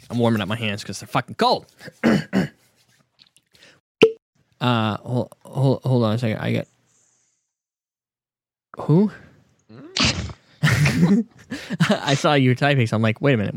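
A man's voice: medium pitch, sing-song, slow, gravelly, long pauses, no echo. A man hosting a casual podcast, talking in a loose, profane, joking way. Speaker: podcast host.

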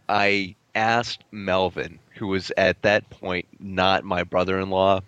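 Lower-voiced man telling profane stories. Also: no room sound. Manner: animated, profane storytelling. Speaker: podcast co-host. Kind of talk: casual podcast chat.

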